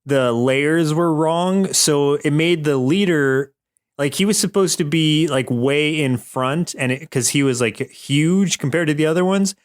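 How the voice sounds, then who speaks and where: A man's voice: a little high, measured pace. A man co-hosting a podcast, chatting casually with wry amusement and frequent laughs. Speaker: podcast co-host. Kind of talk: casual chat.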